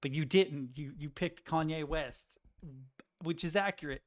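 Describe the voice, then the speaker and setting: A man's voice: on the high side, a little slow. A man chatting casually with his live-stream chat, joking, laughing often and rambling through self-interruptions. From United States.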